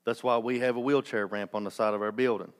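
A man's voice: on the low side, steady tone, quick pace. A man preaching a sermon as pastor, impassioned, with restarts and joking asides.

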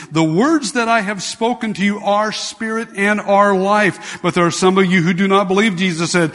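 A man's voice: a little high, fairly bright tone. Emphatic male preacher in a reverberant hall. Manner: emphatic preaching with repeated phrases and rhetorical questions. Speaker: pastor. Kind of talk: sermon.

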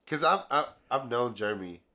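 A man, an actor guest on a podcast, talking casually and hesitantly with many pauses. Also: medium pitch, expressive, pushed and bright. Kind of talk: casual chat.

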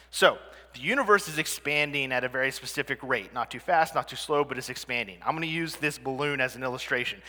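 A man with a bright, forceful and slightly high voice gives a presentation to a live audience. He talks in a conversational way and keeps checking in with his listeners through questions. His voice rings with the long reverb of a hall.

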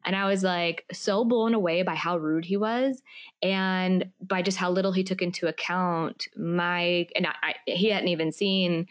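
A woman in her thirties co-hosting a podcast, telling stories in lively casual chat and laughing often. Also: on the low side, unhurried, lo-fi sound. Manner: animated storytelling, laughs often. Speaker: podcast co-host.

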